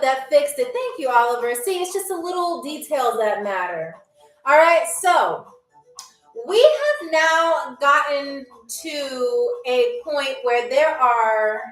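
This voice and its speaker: A woman hosting a live-streamed game show, playful and teasing as she talks straight to her chat. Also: sits high. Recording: echoey room with faint music.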